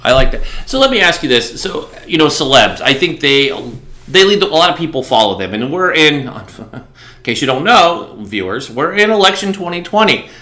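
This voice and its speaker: A man hosting a talk show, chatting casually and voicing his opinions emphatically, often getting loud. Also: fairly high pitch, sing-song, moderate pace, roomy sound. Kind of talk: casual interview conversation.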